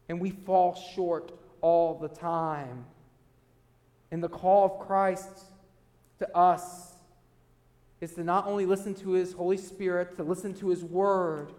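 A male pastor preaching a sermon, earnest, swinging between loud emphasis and quiet low asides. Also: long reverb tail.

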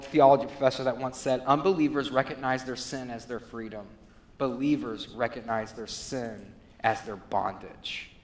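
A man preaching a sermon as pastor, moving between hushed, low passages and loud, rising appeals. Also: a little hiss or hum. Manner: preaching with wide swings between quiet, low passages and loud, high climaxes. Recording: long reverb of a hall.

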